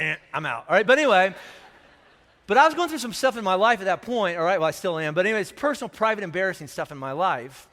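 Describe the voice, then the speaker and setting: A man preaching a sermon, telling his own story in an animated, self-deprecating way and checking in with "all right?" again and again. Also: sits high, fast talker. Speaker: pastor. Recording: long hall reverb.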